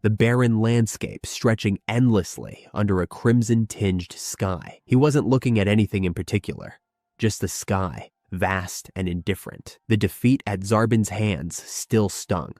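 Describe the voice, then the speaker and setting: A man reading a scripted story narration in a measured, steady way. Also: lowish voice, no room sound, clean studio sound.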